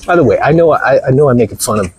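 A man's voice: mid-range voice, expressive, rapid-fire, background noise. A man vlogging outdoors with a phone camera, blunt and mocking, rambling through stories as he walks. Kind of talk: casual walking vlog talk.

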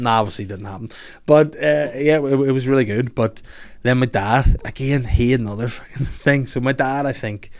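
A man in his thirties with a Scottish accent, hosting a podcast and telling an animated, laughing, sweary story. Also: fairly low pitch. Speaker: podcast host. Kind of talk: casual chat, storytelling.

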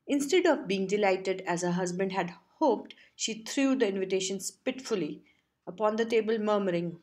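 A woman reading a short story aloud as an audiobook narrator, steady and measured. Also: medium pitch.

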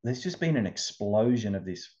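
A man's voice: fairly low pitch, lively intonation, moderate pace, dark tone, dull audio. A man telling his personal story as an interview guest, earnest and emotional, often repeating words.

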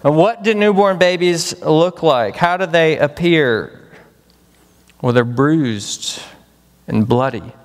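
A man's voice: on the high side, slow. A man from Memphis, Tennessee, preaching a chapel sermon as a pastor, dramatic and full of rhetorical questions. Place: large chapel hall. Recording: long hall reverb.

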